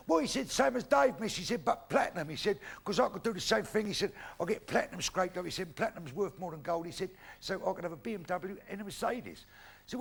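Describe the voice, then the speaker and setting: This is an older man working a live crowd with patter. His voice is gravelly and sits a touch high, with big swoops of pitch as he acts out each joke. He swears freely and talks bluntly. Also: big pitch swings, fast, fairly bright tone. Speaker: stand-up comedian. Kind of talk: stand-up comedy. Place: theatre stage before a live audience.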